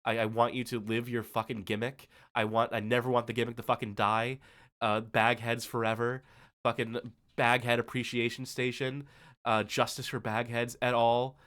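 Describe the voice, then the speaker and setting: A man's voice: medium pitch, little pitch movement, a bit bright. A male stream host speaks in a loose, rambling way, swearing freely and stumbling through restarts. He sounds worn out and a bit emotional. His voice sits in the middle range for a man. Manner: heavy swearing, rambling, halting with many fillers. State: tired and emotional. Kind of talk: casual stream thank-you speech.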